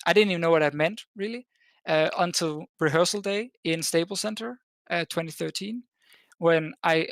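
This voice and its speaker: A Danish esports caster, appearing as a podcast guest, rambles through a long story in casual conversation, full of fillers and restarts. His voice is a little high, creaky and fairly bright, with no room sound.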